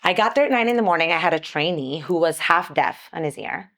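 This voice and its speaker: A woman guest on a podcast, telling a story in a casual, lively way and acting out what people said. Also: fairly low pitch, a little fast. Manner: lively, acts out quoted dialogue.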